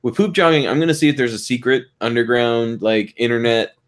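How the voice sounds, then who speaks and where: A man's voice: medium pitch, fairly quick. A young man co-hosting a podcast, riffing playfully and acting out little voices in casual banter. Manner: playful, riffs with acted-out voices. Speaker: podcast co-host.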